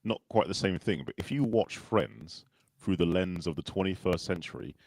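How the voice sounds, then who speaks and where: A man hosting a casual live stream, joking and chatting fast with a guest. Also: deep voice, lively intonation, a little mellow, no echo. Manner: joking, quick, laughs often. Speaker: show host.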